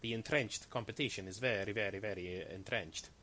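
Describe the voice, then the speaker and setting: A man voicing a fawning, haggling alien trader who speaks in halting, broken English. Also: lowish voice, bright, forceful tone, voice pushed down. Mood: eager salesman.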